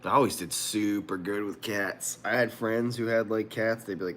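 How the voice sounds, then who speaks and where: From a room at home, a man hosts a livestream of casual chat, rambling, swearing and laughing often. His voice is fairly low and a bit bright with fairly even intonation, normal speed and few pauses, plus a little hiss or hum.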